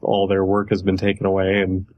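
Low-voiced man in relaxed chat. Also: fairly quick, highs cut off. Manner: relaxed, hesitant with fillers. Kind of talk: casual chat.

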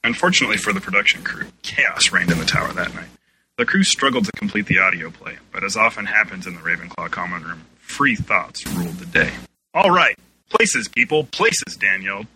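A man narrating an amateur audio play in an animated way, changing his voice for the quoted characters. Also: sits low, brisk, slight background noise, poor audio.

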